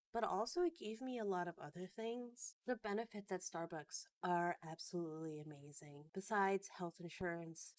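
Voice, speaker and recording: A woman in her thirties talking earnestly in a personal vlog, at times choked up with emotion. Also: fairly low pitch. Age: 30s. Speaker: vlogger.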